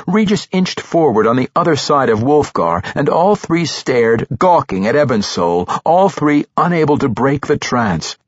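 A man narrating a fantasy novel with expressive storytelling, slowing for suspense. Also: mid-range voice, slightly rough, dry recording, highs cut off. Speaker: audiobook narrator.

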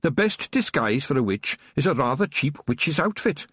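Heavily acted for an audiobook, a man pushes his voice above its natural pitch to play a sinister, sugary old witch who keeps a shop, gleeful and menacing. The delivery is high, very animated, fairly bright and breathy at normal speed, recorded at studio quality with no echo.

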